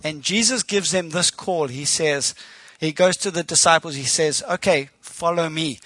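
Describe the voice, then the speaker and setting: A man's voice: fairly high pitch, normal speed, bright, forceful tone, dry recording. A man with a South African accent preaching as a guest speaker, telling stories with animation and acting out quoted speech. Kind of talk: sermon. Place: church.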